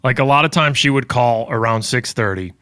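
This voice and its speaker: A man who co-hosts a morning radio show, telling stories as a podcast guest, animated and laughing often. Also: mid-range voice, a little fast, clear, resonant tone, no room sound. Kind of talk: casual podcast conversation. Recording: dry studio sound.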